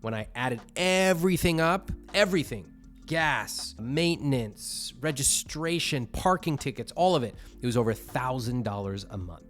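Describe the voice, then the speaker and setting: A man hosting a personal finance show, reviewing viewer budgets in a blunt, animated way with exasperated asides. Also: medium pitch, normal speed, soft background music.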